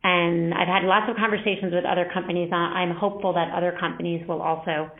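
A woman giving an earnest, reflective interview answer, speaking in a measured way. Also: on the low side, level tone. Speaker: interview guest. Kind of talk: candid interview talk. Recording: band-limited phone-like sound.

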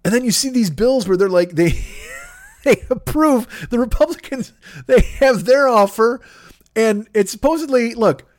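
A man's voice: extremely high pitch, expressive, a little slow. A man hosting a podcast, ranting in an angry, sarcastic way and swearing constantly. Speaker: podcast host. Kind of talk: profane comedic rant.

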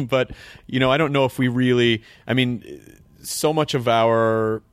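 A man's voice: mid-range voice, steady tone, measured pace, dry recording. A man hosting a talk show, joking and stumbling over repeated words. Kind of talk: casual chat.

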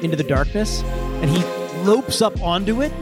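A man's voice: high voice, animated, normal speed, loud music behind the voice. A man narrating as the game master of a tabletop role-playing game, laid-back and chatty, with frequent fillers.

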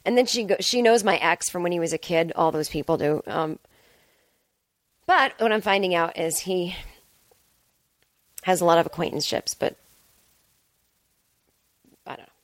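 A woman's voice: moderate pace, long pauses, dry recording. Chatty, profane woman podcaster, dry sound. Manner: chatty and profane, acts out quotes in a higher voice. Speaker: podcast host. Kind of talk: casual solo monologue. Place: at home.

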